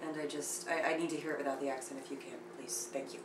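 A woman's voice: a bass voice, steady tone, quick pace, background noise. A woman running an audition, polite but awkward and hesitant. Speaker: casting director. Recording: roomy echo, far from the mic.

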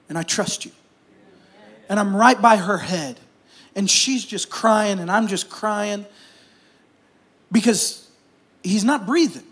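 A high-pitched man preaches a sermon. He tells his story with feeling, rising to loud, urgent stretches and dropping to near whispers. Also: husky. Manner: emotional storytelling that swings from loud to hushed whispers. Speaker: pastor.

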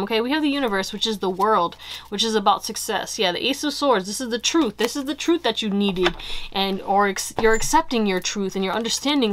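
Young adult woman, tarot reader talking to her audience; casual, animated, rambling delivery. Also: fairly high pitch, a little fast, slight background noise. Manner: chatty, animated, fillers like "you know" and "y'all". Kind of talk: casual pick-a-card tarot reading.

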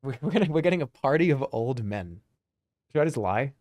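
Man streamer, lively reader, jokey asides, swooping animated pitch. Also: a little fast. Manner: animated, joking, laughs between lines. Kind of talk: reading a gamebook aloud with jokey asides.

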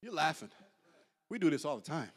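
A man preaching a sermon as pastor, swinging between loud high bursts and quiet, low asides. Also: sing-song, a little fast, breathy edge.

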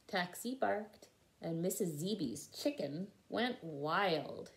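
A woman's voice: fairly low pitch, lively intonation, slow, a little hiss or hum. A woman reading a picture book aloud to children and stopping to explain the meaning of words. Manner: patient, explains words to young listeners. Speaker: storyteller for children. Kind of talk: children's read-aloud with word lessons.

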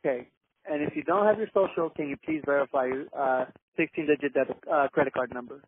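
A man on the phone as an agent, rattling off his requests fast and insistently in a slightly high voice. The line is tinny, with a faint hiss. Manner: scripted, insistent, quick.

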